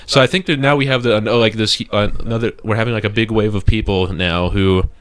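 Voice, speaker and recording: A young man co-hosting a casual podcast, talking loosely with lots of fillers and bursting into playful shouts and laughter. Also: lowish voice, fairly even intonation, brisk. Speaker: podcast co-host. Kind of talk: casual chat.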